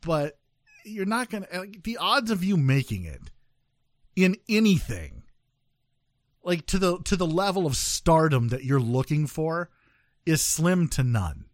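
A man's voice: a little high, big pitch swings, a little slow, long pauses, dry recording, studio quality. Rambling joking male podcast host. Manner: joking, rambling, trails off with fillers. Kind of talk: casual news chat.

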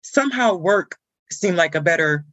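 A woman's voice: lowish voice, expressive, moderate pace, a bit bright, dry recording, dull audio. A woman performing a comic monologue as a frazzled woman stuck watching a wild puppy, telling it with indignant exclamations. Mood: exasperated.

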